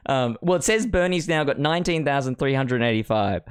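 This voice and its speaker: A young man hosts a relaxed chat over a video call from home. His voice swings widely in pitch as he talks, animated and giggly, full of quick asides and laughter. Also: clean tone. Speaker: host.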